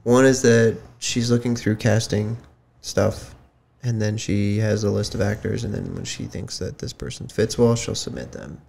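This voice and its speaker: A man co-hosting a podcast, chatting casually with quick interjections and questions. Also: fairly low pitch, gravelly, a little mellow. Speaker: podcast co-host. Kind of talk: casual chat.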